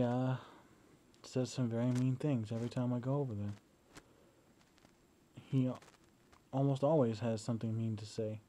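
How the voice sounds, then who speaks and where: A young man with a mellow, warm voice rambles through a casual video diary meant for his partner. He talks at a middling pitch into his phone at home, with a faint hiss behind him. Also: rough recording. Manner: rambling, chatty storytelling. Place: at home indoors.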